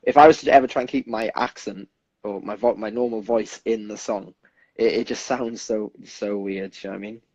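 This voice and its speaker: In a muffled, echo-free recording, a young singer from the UK talks earnestly in a casual interview, wandering off track and frequently starting over. He has a lowish, darker voice. His delivery is brisk, and his intonation stays fairly even.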